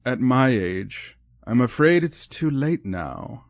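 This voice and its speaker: A man performs an audiobook character, a lonely and proper older woman, pitching above his own medium, slightly mellow voice. Very animated but unhurried, he makes her formal, hesitant, and wistful, in clean studio sound with no room noise.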